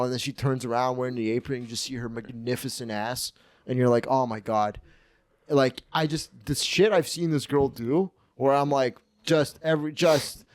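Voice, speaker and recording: A man's voice: medium pitch, darkish tone, dry recording. A man in his twenties hosting a casual comedy podcast, telling crude, profane stories in a rambling way. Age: 20s. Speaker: podcast host.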